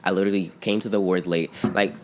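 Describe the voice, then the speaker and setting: Very deep-voiced young man, laid-back. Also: fairly even intonation, racing. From outskirts of Philadelphia. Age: young adult. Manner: laid-back, rambling, many fillers, breaks into laughter. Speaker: interview guest, singer-songwriter and producer. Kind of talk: casual storytelling chat.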